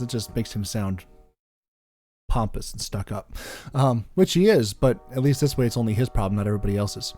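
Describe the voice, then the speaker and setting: A man on a casual podcast, reading a character backstory aloud in a relaxed way, with hesitant restarts and frequent throat clearing. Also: lowish voice, a little fast.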